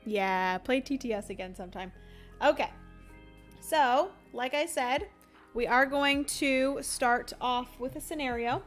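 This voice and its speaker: Slow-talking giggly young woman streamer. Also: high-pitched, faint music behind. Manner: chatty, giggly, rambling. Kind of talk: casual livestream chat.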